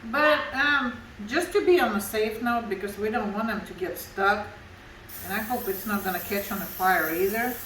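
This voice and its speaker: This is a woman from Russia hosting a cooking show, describing each step of a home demonstration in her kitchen in broken English with a Russian accent. Her medium-pitched, fairly bright voice moves at normal speed. The low-quality recording is reverberant, with a little hiss or hum.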